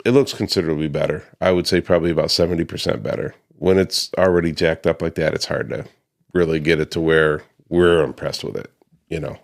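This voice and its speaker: An American man who runs a paver restoration business recounts a client dispute casually to the camera, imitating the customers he quotes amid frequent ums and restarts. His voice is extremely low with vocal fry, steady in tone, and a little fast.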